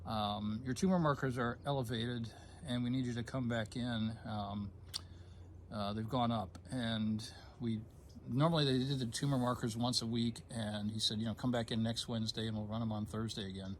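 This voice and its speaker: A man in his fifties telling a personal story in a relaxed conversation, pausing often with ums and restarts. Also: medium pitch, slight background noise. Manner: hesitant, many ums, gets choked up then laughs. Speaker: guest sharing a personal story.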